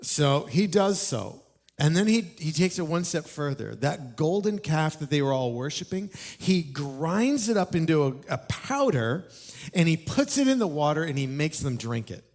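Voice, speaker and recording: A man preaching a sermon in a church, telling the story with animated energy and asking the congregation questions. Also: fairly high pitch, normal speed. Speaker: pastor. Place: church auditorium.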